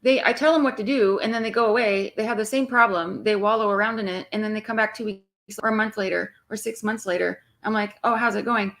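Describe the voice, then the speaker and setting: A woman's voice: mid-range voice, steady tone, fast talker, few pauses, fairly bright tone. A woman twin flame coach speaking bluntly and with exasperation to her viewers, swearing freely and mimicking clients.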